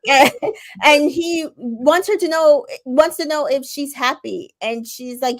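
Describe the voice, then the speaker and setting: High-voiced woman recapping a reality show. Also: lively intonation, unhurried. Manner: chatty, recounts plot with sassy asides. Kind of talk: casual recap chat.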